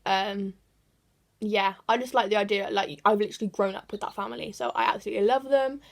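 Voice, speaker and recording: A teenage English girl vlogging from her bedroom, answering tag questions in a chatty, giggly way, often correcting herself and trailing off quietly. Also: mid-range voice, fairly even intonation, brisk, vocal fry. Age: teens.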